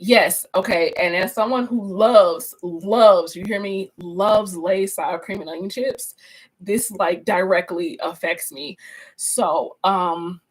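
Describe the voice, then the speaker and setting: A woman's voice: fairly low pitch, slow, slightly rough, rough recording. A woman instructor talks with her class over a live stream, in a loose, chatty way, and she takes her time. She often restarts her sentences and calls her viewers y'all. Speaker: course instructor leading a live class discussion.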